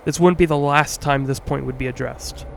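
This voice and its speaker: A man narrates a true-crime story in a measured, earnest way and now and then adds a wry aside of his own. His voice sits a little higher than most men's. A faint hiss runs under the recording. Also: steady tone, vocal fry. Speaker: podcast host.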